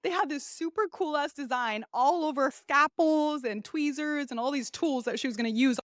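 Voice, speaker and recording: A woman's voice: high-pitched, moderate pace, no echo, studio quality. A young woman hosting a podcast, telling a personal story in a candid, blunt, crude way. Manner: candid, blunt and crude, acts out the nurses' soothing voices. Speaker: podcast host. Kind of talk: casual storytelling monologue.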